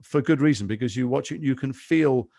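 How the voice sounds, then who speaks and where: An English man in his fifties, a guest actor in a podcast interview, telling stories quickly with lots of asides. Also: mid-range voice, gravelly, no echo. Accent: English, Liverpool and London mix. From England. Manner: fast, animated storytelling with asides.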